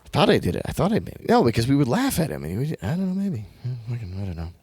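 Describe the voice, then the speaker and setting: A man's voice: medium pitch, wildly swooping pitch, darkish tone, husky, no echo. A man co-hosting a casual podcast, telling stories in a loose, rambling way that keeps turning back on himself. He laughs easily and makes fun of himself. His voice sits mid-range and is recorded close and dry on a studio mic. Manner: rambling, self-deprecating, quick to laugh. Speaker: podcast co-host.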